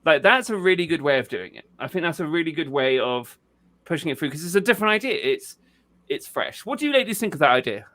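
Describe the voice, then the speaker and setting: A man hosting a casual podcast, his voice sitting a little high for a man. He talks loosely, swears without a second thought and doubles back on his own words as he goes. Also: expressive, fast talker, pushed and bright. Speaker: podcast host.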